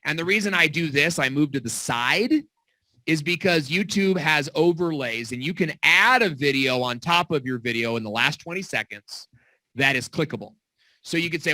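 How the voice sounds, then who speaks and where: A middle-aged man coaching on video marketing in a casual, animated way, telling stories with acted-out quotes, recorded in a home basement studio. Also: fairly high pitch, a little fast, dry recording. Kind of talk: casual teaching talk.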